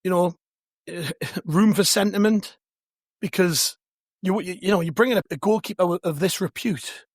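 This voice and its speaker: Hoarse high-voiced man. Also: normal speed, no echo, studio quality. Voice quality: raspy. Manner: chatty, self-mocking, loose and rambling. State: hoarse, worn out. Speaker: podcast host. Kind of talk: casual chat.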